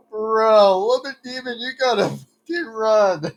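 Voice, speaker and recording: Slow, high-voiced man laughing through a reaction. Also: lively intonation, creaky. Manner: rambling, laughing often, lots of swearing and slang. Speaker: video reactor. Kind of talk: casual reaction commentary.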